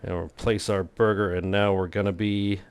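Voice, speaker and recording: A man's voice: low voice, level tone, normal speed, clear, resonant tone, no echo. A man hosting a casual cooking video, talking in a playful, goofy way with self-mocking jokes. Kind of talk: casual cooking vlog narration.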